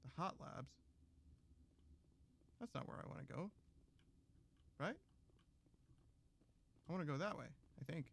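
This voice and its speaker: A man's voice: fairly high pitch, expressive, a little slow, gravelly, long pauses, a bit bright. A man giving playful, joking gameplay commentary with rambling asides. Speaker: let's play streamer.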